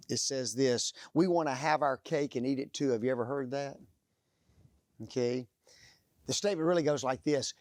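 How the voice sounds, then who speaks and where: A man preaching a sermon, telling stories and pausing to let the audience fill in the blanks. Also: on the high side, dry recording, studio quality. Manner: animated storytelling.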